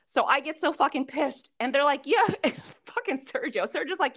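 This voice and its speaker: A high-pitched woman with a bright, forceful edge rants bluntly through a casual podcast chat, cursing at every turn. Her pitch swings widely as she vents and laughs. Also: lively intonation, a little fast, hardly any pauses, dry recording, clean studio sound. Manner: blunt, swears constantly, laughs while ranting. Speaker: podcast co-host.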